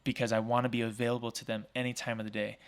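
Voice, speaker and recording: An energetic man in his thirties, from Oregon, chats as an interview guest with a middle-pitched voice. He talks fast and freely, leans on "like" and "um", and slips into quick impressions of the people in his stories. The delivery is casual and animated. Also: clear, resonant tone. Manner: energetic, talkative, acts out quoted voices; frequent fillers like "like" and "um". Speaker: podcast guest, small business owner.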